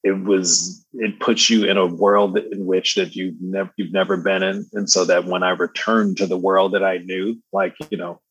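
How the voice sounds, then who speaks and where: A man with a baritone voice chatting as a podcast guest, slangy and laid-back, laughing often. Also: little pitch movement, moderate pace, hardly any pauses, a bit bright, breathy edge, no echo, dull audio. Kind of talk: casual conversational storytelling.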